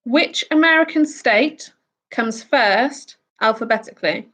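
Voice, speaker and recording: Slow-talking woman hosting a quiz. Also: a little high, fairly bright tone. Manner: chatty, reads out questions then answers with asides. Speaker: quiz host.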